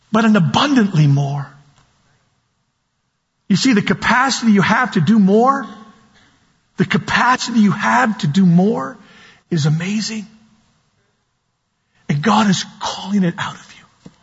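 A man preaching a sermon in a church hall, slow and emphatic, repeating key words. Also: high voice, a bit bright, breathy edge. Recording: dull sound with long hall reverb.

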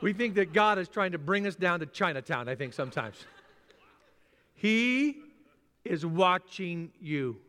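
An older man preaching a sermon dramatically, acting out voices and dropping into soft, near-whispered lines. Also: high-pitched, lively intonation, unhurried. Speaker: pastor. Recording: long reverb in a large hall.

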